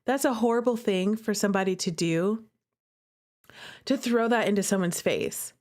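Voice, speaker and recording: This woman streamer, medium-pitched with a darkish tone and a moderate pace, reads from a visual novel and reacts chattily and emotionally. Faint guitar music plays as she takes offense on a character's behalf.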